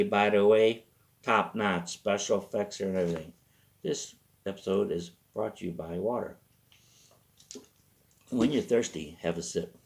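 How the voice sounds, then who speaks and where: Low gravelly guy, rambly comic storyteller, keeps going off track. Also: a little mellow. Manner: rambling, self-interrupting. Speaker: host. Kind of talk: comedic storytelling.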